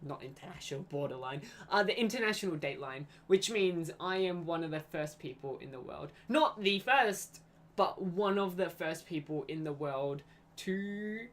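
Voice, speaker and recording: A young woman from Australia, with a fairly low, animated voice at normal speed, chats on a live stream. She rambles in a scatterbrained way, often giggling and correcting herself.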